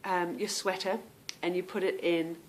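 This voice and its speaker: A woman's voice: lowish voice, fairly even intonation, moderate pace. A woman hosting a podcast, chatting casually at home and calling her listeners "girl" and "girlies". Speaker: podcast host. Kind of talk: casual chat.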